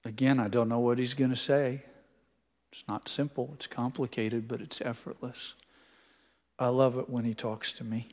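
An older man preaching a sermon, telling stories full of quotes and dropping his voice soft for emphasis. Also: mid-range voice, flat delivery, moderate pace. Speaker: pastor. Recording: long hall reverb.

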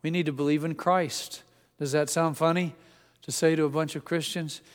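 Older male preacher, earnest and chatty, slightly high voice, echoing church room. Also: fairly even intonation, moderate pace. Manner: earnest, conversational, with small restarts. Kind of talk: sermon. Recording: echoey hall.

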